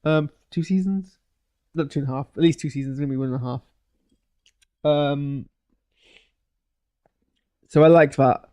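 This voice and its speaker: A man's voice: a little high, fairly even intonation, normal speed, long pauses, warm tone, clear, resonant tone. A man giving a rambling, casual live reaction to a show's finale, full of fillers and restarts. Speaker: show reviewer.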